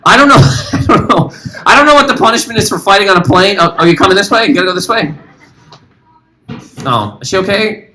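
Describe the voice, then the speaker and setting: A man doing stand-up comedy on stage, rambling and animated as he chats with the audience. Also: sits high, fairly quick, pauses often, rough recording. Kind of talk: stand-up comedy with crowd work. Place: live comedy venue.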